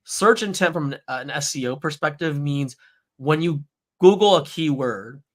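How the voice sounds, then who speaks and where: Speaking at a normal pace, this male agency owner sounds animated, his pitch fairly high. He's a podcast guest in a loose conversational interview, sprinkling his speech with plenty of "like" and "you know."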